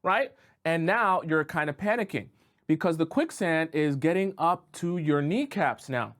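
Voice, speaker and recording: A man's voice: on the high side, moderate pace. A man giving relationship advice as a coach, talking casually and checking in with "right?" and "okay?" as he acts out examples. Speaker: dating coach. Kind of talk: advice monologue to camera.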